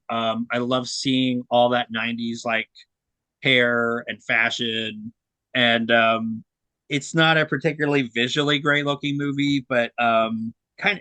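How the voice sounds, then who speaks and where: Bright-voiced young man chatting casually. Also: medium pitch, no echo. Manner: rambling, many fillers and restarts. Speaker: co-host reviewing film releases. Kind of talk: casual podcast chat.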